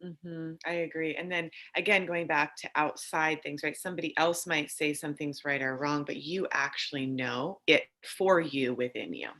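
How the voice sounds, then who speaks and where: Encouraging woman host, very low pitch, bright tense tone. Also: normal speed, hardly any pauses. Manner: encouraging, often adds "right?". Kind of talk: casual interview talk.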